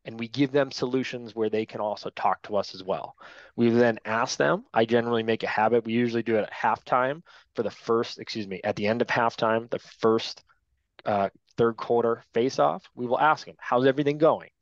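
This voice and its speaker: A man's voice: medium pitch, moderate pace, no room sound. Direct man training sports officials. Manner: direct, to-the-point, frequent tag "right?". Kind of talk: training class lecture. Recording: dull lo-fi dry sound.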